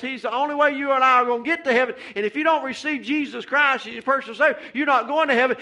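A man preaches a fervent sermon in church in an extremely high, bright voice with a forceful tone. He repeats phrases and calls out "Amen" and "Hey".

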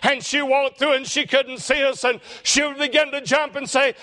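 Older preacher telling a story. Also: male voice, very high-pitched, steady tone, pushed and bright. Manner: emotional, slows for emphasis. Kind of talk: sermon storytelling.

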